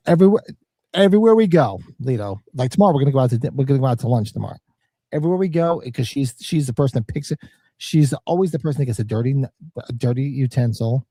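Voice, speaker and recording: A man's voice: mid-range voice, warm tone, no echo. A man hosting a late-night watch-party livestream, chatting and rambling casually. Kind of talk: casual chat. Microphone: podcast mixer setup.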